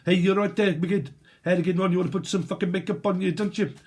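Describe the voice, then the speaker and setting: A man voicing a brash man who teases and calls out to people, in a husky voice. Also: high voice, steady tone, fast, a little mellow, pitched above the performer's own voice. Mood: mocking.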